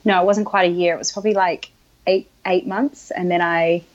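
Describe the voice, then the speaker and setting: A woman chatting casually as a guest, telling a story in a relaxed way and laughing often. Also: lowish voice, a little fast. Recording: dull lo-fi sound.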